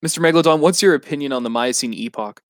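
A man voicing a learned old snailfish who explains things in a measured way with many pauses. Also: fairly high pitch, no room sound, natural voice. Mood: teasing questions. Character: learned old male snailfish, knowledgeable and calm. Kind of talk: comedy podcast role-play.

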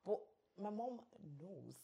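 A young woman co-hosting a podcast in relaxed chat. Her pitch sits mid-range for a woman. She teases her friend, chimes in, and lets her voice sink low and quiet as she finishes a point. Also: slow pace, vocal fry, slightly rough, lo-fi sound. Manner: teasing, chiming in, drops quiet at the end of her points. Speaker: podcast co-host. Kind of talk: casual chat.

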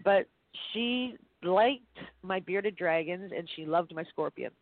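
A woman co-hosting a podcast, telling stories in a lively, chatty way and laughing often. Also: lowish voice, slow pace, dry recording. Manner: animated storyteller, laughs often. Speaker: podcast co-host. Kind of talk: casual chat. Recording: dry tinny phone-like sound.

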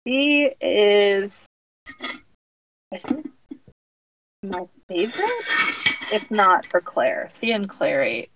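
A woman casually recapping a TV episode with a friend, retelling scenes with quick acted-out quotes and laughter. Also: mid-range voice, sing-song, background noise. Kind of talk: casual chat recapping a TV show.

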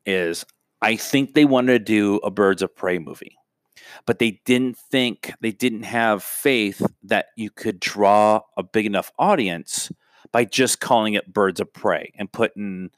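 A man's voice: fairly low pitch, a little slow, dry recording. A man co-hosting a podcast, talking through his opinions in a rambling way, with lots of filler sounds and restarts. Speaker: podcast co-host. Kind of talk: casual chat.

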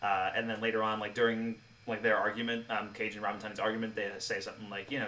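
A man co-hosting a podcast, chatting casually about a film, quick and animated, laughing often. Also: lowish voice, distant mic. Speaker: podcast co-host.

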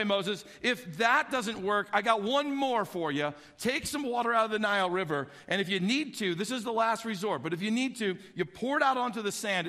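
Man, pastor, sermon, high voice, bright tone, animated comic storytelling, big reverberant hall.

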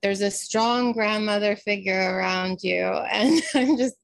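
Woman, gravelly fry, dry close sound, hesitant, searching, personal sharing. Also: medium pitch, measured pace, no echo. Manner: hesitant and searching, restarts her sentences. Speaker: community member asking a question. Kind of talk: personal sharing in a group session.

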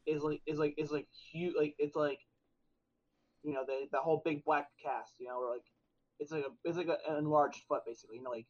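Speaking a little fast, with a slightly high voice and fairly even intonation, a young man co-hosts a podcast. His casual storytelling rambles, full of fillers and restarts. The audio is dull and lo-fi.

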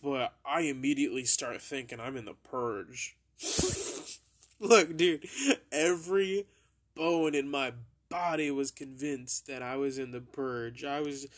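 A young man spins a loose, swearing-heavy anecdote for his podcast. His pitch sits in an ordinary middle range, and he wanders through side remarks and chuckles as he goes. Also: slow pace. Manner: rambling, profane, laughs through his own story. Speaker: podcast host. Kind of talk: casual storytelling.

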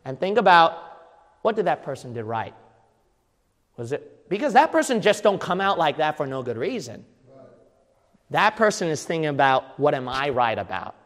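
A man's voice: on the high side, very animated, moderate pace, pauses often. Emphatic preaching man in a reverberant hall. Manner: emphatic, repetitive preaching with sudden loud outbursts. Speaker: pastor. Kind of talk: sermon.

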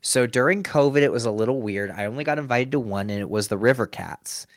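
A man's voice: mid-range voice, fast, dry recording, clean studio sound. A man who performs as a sports mascot, telling stories in a casual interview, laughing often and acting out what people said. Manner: animated, laughs often, acts out quotes.

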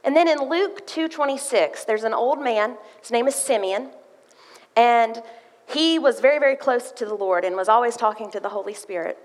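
Speaking at normal speed in a fairly high voice with lively intonation, a woman preaches a sermon built around her personal testimony. She earnestly relates her experience and reads scripture aloud, with long reverb from the hall.

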